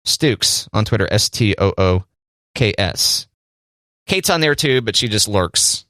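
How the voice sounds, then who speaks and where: A man's voice: fairly low pitch, animated, unhurried, bright, forceful tone, no room sound, studio quality. A man co-hosting a casual podcast chat, joking and speaking directly to the listeners. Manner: playful, addresses listeners directly. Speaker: podcast co-host. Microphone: studio microphone.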